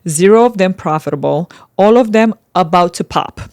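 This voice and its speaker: A woman's voice: lowish voice, expressive, normal speed, a little mellow, no echo, clean studio sound. A woman hosting a podcast, playfully teasing her guest while reading out game prompts. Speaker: podcast host. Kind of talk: casual podcast chat, running a game.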